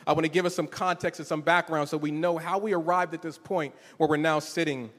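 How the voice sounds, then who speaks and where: A man's voice: a little high, fairly even intonation, fairly quick, fairly bright tone, long reverb tail. A man in his forties preaching a conversational, emotional sermon in a church, often repeating words as he starts a thought. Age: 40s. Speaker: pastor.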